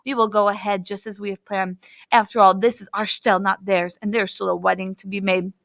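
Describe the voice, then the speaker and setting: Storybook elder rabbi, calm and formal; woman narrator doing him dry and close. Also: medium pitch, fairly quick, vocal fry, no room sound, lightly acted. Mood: solemn. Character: old village rabbi, calm and pious.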